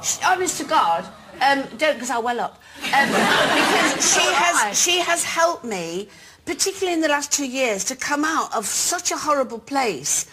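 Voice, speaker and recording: A woman with a high voice speaks haltingly and with feeling, searching for words. A loud crowd and heavy noise fill the background. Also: expressive. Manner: hesitant, emotional, many fillers. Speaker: panel guest. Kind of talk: casual group chat.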